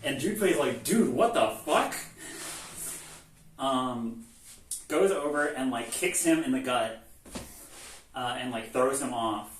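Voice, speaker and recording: A man's voice: medium pitch, measured pace, long pauses, a little hiss or hum. A man casually recapping a game's story, rambling with lots of "like" and swearing, and acting out the lines. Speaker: host recapping a video game series. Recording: echoey room, far from mic, faint ambience.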